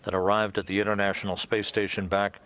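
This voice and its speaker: A man giving live broadcast commentary in a measured, informative way. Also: lowish voice, little pitch movement, fairly bright tone.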